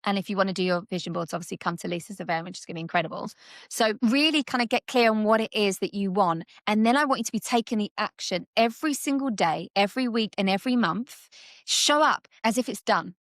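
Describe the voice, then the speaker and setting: A woman guest coach talking through mindset ideas in a lively, conversational way, often acting out little scenes. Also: medium pitch, fast talker, no echo, studio quality. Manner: animated, acts out little scenes in different voices.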